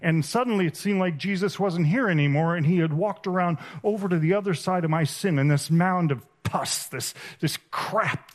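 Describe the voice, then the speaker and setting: A man giving a sermon at a conference, telling an emotional story with halting, repeated starts. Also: sits high. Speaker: conference speaker. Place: conference stage.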